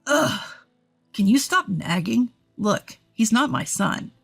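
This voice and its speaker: A woman's voice: on the high side, very animated, takes it slowly, gravelly, slightly rough, faint music behind, full character voice. A woman voicing a cold, dismissive adult husband and father who speaks curtly and with irritation. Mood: irritated. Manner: curt and irritated.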